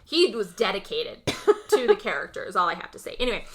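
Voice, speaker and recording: Bright, chatty woman recapping a movie. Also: medium pitch, fairly quick. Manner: rambling, filler-heavy retelling, animated. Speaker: podcast co-host. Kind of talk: casual movie recap chat.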